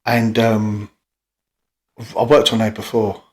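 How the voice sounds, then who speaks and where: A man's voice: fairly low pitch, completely flat delivery, slow pace, darkish tone, a little hiss or hum. Sweary man spinning yarns. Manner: rambling, sweary storytelling with many restarts. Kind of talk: casual podcast chat.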